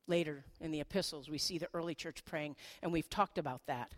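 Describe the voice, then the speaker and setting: A middle-aged woman pastor delivers a sermon in a low voice at a brisk pace, speaking in a conversational, animated way with playful asides.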